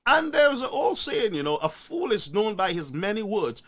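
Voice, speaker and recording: Animated man ranting. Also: sits high, moderate pace. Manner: animated, preachy, rhetorical questions. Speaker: live-stream commentator. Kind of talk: ranting live-stream commentary.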